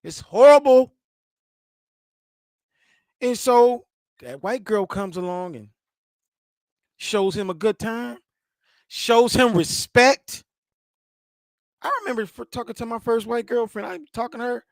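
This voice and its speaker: A man giving casual, animated commentary, laughing often and repeating himself. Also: extremely high pitch, unhurried, gravelly, long pauses, dry recording, studio quality.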